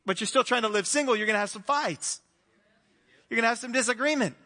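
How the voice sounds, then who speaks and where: A man's voice: very high-pitched, fast talker, sharp tone, in a large hall. A man preaching a sermon as pastor, earnest and questioning as he addresses the congregation. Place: church hall.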